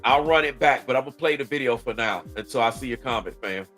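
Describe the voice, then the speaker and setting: Soft music plays as a Georgia commentary host reacts to a video, ridiculing it and responding to his chat. He talks fast in a mid-range, fairly bright voice.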